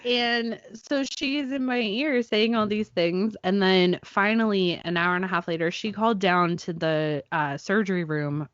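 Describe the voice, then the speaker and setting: A woman's voice: medium pitch, measured pace, hardly any pauses, no echo, dull audio. A woman in her thirties hosting a podcast, telling a story casually and acting out the people in it. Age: 30s. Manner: animated storytelling, acts out quoted people. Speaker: podcast host. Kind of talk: casual chat.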